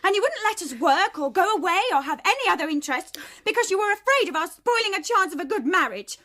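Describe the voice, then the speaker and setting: An actress playing a bitter, rebellious young daughter in a radio drama, sarcastic and tearful by turns. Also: female voice, very high voice, expressive, quick pace, bright, forceful tone, exaggerated voice. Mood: accusing. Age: young adult.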